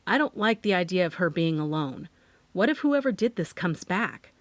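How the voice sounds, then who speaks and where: A woman's voice: on the low side, sing-song, normal speed, dry recording. A woman reading an audiobook, voicing a concerned young man who is a close friend. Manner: concerned, easygoing.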